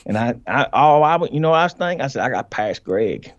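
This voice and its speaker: A man's voice: mid-range voice, fairly quick. Folksy storytelling man, dull lo-fi sound. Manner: animated, folksy, laughs often, quotes himself and others. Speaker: podcast guest. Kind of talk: casual storytelling.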